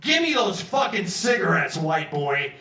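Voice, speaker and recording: A man voicing a big, menacing jailhouse tough who swears loudly. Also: sing-song, measured pace, vocal fry, exaggerated voice. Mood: threatening. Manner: loud, swearing and booming. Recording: roomy pub from far off.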